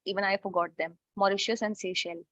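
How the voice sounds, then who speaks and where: A woman's voice: medium pitch, fairly even intonation, fast talker, fairly bright tone, no room sound. Woman teaching an online language class. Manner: explains step by step with frequent "okay" checks. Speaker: French teacher. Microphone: video call. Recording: dull lo-fi online call audio.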